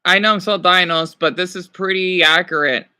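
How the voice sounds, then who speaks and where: A man's voice: high voice, fairly even intonation, moderate pace, sharp tone, clean tone. A man streaming casually, reading quiz questions aloud and reacting with exclamations while he talks back to his chat.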